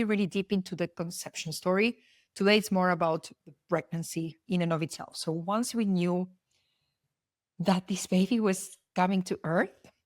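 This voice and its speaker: A woman's voice: on the low side, a little mellow, no echo, clean studio sound. A young adult woman hosting a personal podcast, talking in an earnest, heartfelt way with loose, rambling sentences and frequent restarts. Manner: earnest and heartfelt, openly spiritual. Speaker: podcast host.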